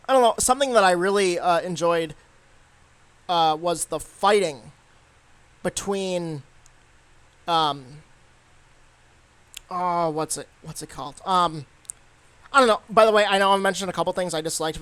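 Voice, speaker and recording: Youngish guy w a high voice rambling thru a movie review, lots of ums, super dry mic. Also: a little slow, long pauses, a bit bright, smooth, no echo. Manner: rambling, hesitant, many fillers and restarts. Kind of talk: casual spoken movie review.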